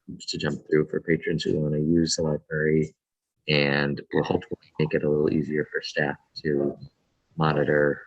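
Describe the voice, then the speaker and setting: A man on a board speaking up at a meeting, slowly searching for his words. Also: very deep voice, slightly rough, dry recording. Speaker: board member. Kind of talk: meeting comment. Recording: dry, dull lo-fi audio.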